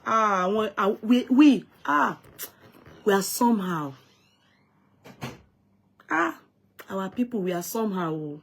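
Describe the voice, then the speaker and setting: A woman's voice: medium pitch, expressive, slow pace, vocal fry, long pauses, a bit bright. A Nigerian woman hosts a live stream off the cuff. She talks emphatically and lectures her viewers, often repeating and restarting her words. She greets people one by one by name. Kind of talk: unscripted live-stream commentary.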